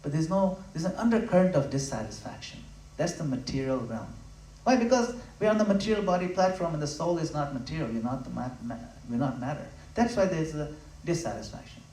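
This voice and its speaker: A fairly high-voiced man preaches with passion, his delivery swelling to loud emphatic peaks and then sinking low and intimate. He sounds conversational, now and then acting out quick voices of listeners. The room is echoey and he stands a little away from the mic. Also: expressive. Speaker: spiritual speaker. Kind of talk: devotional talk at a home program. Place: room in a home. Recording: roomy, from a distance.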